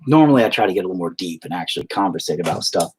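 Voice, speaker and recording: Profane, rambling man with lively pitch. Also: racing, a little hiss or hum. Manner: rambling, heavily profane, frank. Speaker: musician streaming to chat. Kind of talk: casual confessional livestream monologue.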